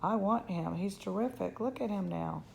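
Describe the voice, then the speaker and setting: A woman's voice: medium pitch, normal speed, gravelly, darkish tone, slight background noise, low-quality recording. A woman voicing a possessive, boastful young boy in a storybook reading, with a whiny, bossy way of talking.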